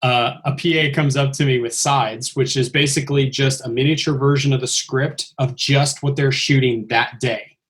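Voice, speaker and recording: A man tells a story in a relaxed podcast chat. He gets animated and acts out the lines he quotes. His voice sits at an ordinary middle pitch. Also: moderate pace, few pauses. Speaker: stuntman telling his story.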